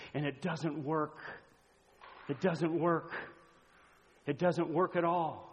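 A man's voice: fairly high pitch, moderate pace. Middle-aged preacher man in an echoey hall. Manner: swings from loud urgent preaching to hushed storytelling. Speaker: pastor. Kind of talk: sermon. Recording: echoey hall, dull lo-fi sound.

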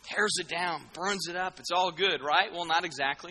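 A man preaching with a high, very bright voice, lively and joking as he acts out the people in the story. His words ring out with a long hall reverb behind them. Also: normal speed, hardly any pauses. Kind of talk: sermon.

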